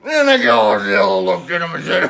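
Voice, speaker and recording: A boastful old sea captain, gravelly and bright-edged, as a woman puts him on. His rambling yarn swoops wildly up and down in pitch. It is a theatrical comedy sketch. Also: expressive, moderate pace. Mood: excited. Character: boastful old male pirate captain, rum-loving storyteller.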